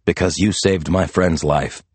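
A calm, protective detective, as a man reads him in a story, with a deep voice. He speaks steadily and reassuringly. The sound is dry and close. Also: a little slow, breathy edge, dry recording.

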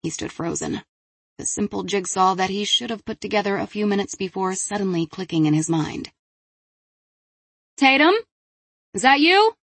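A woman reading an audiobook as narrator, with measured, even storytelling. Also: medium pitch, breathy edge, dry recording. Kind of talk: scripted narration.

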